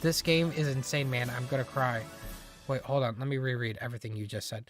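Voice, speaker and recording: A live streamer in casual chat with viewers, excitable, laughing often and teasing the chat. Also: medium pitch, moderate pace, no room sound, clean studio sound, soft background music.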